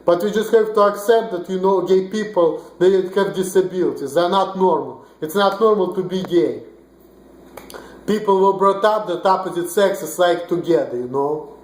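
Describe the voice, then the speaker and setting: A man's voice: sits high, normal speed, darkish tone. A young man in his twenties from Russia with a Russian accent, ranting bluntly and profanely in a rambling vlog monologue with many restarts. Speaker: vlogger. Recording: roomy echo.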